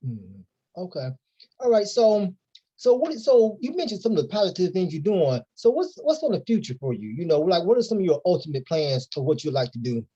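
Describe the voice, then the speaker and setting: An interviewer with a husky, mellow voice asks questions and murmurs short agreements. The pitch moves around a lot. The recording sounds dull and lo-fi. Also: big pitch swings, a little fast. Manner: brief murmured affirmations.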